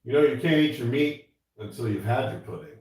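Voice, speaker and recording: A man's voice: mid-range voice, animated, a little fast, a little mellow, reverberant. A middle-aged man chatting casually while he works on a craft project, rambling and joking at his own expense. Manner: rambling, self-mocking, jokey. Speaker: art channel host.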